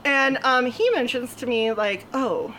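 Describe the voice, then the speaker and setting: High, lively woman telling a story on stage. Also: a little slow, a little hiss or hum. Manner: chatty, laughing often, acts out quoted lines. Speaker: storyteller at a live show. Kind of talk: live comedic storytelling. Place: stage before a live audience.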